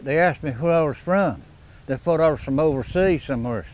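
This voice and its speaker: A man's voice: on the high side, brisk, darkish tone. A man with a telling a wry anecdote in an interview. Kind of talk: casual interview.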